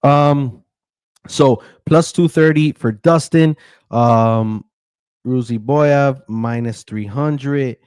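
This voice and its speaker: A man rattles through fight odds and picks in a loose, chatty way, filling gaps with ums and tripping over hard names. His pitch sits mid-range for a man. The recording is dry and close, with no room sound. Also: very slow, a little mellow, smooth, dry recording. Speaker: betting analyst host. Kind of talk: casual betting breakdown.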